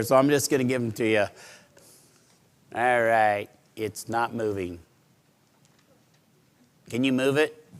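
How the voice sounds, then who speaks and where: A middle-aged pastor preaching a sermon in an earnest, conversational way, swinging between loud emphasis and quiet pleading. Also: male voice, medium pitch. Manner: conversational, with restarts and asides.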